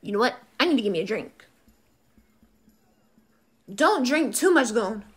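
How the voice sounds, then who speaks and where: A woman playing a loud, protective young woman friend who gets stressed easily, ranting dramatically and swearing in a fan role-play. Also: fairly high pitch, big pitch swings, measured pace, slightly rough, full character voice.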